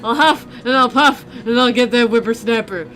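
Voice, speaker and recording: A woman voicing a cranky old woman who huffs and puffs and shouts after a boy in a video game. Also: on the high side, normal speed, natural voice. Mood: determined shouting. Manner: panting, breathless, shouty.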